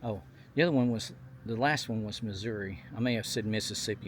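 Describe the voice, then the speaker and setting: A man's voice: lowish voice, brisk, slight background noise. A man narrating an outdoor history tour, reading plaques aloud in a folksy way with fillers. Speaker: vlogger touring historic sites. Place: outdoors at a memorial site on a hot day.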